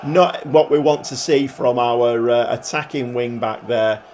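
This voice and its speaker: A man giving casual, chatty play-by-play commentary on his football management game, with dry humour and swings between glum grumbling and excited cheering. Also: medium pitch, unhurried, slight background noise. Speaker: gaming YouTuber.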